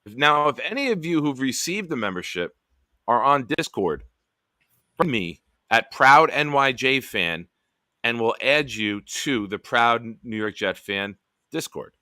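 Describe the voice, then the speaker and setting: A man hosting a late-night live stream hangout, telling stories in a profane, animated way. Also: medium pitch, measured pace, no room sound, clean studio sound. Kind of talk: casual late-night storytelling.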